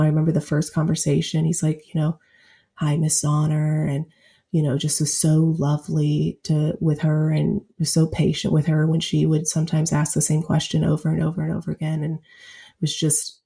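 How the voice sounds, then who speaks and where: A woman of about thirty speaks as a podcast guest, her voice low, flat in pitch and gravelly. The tone is dark and mellow. She tells her story in a heartfelt, reflective way. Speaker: guest poet. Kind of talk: podcast interview.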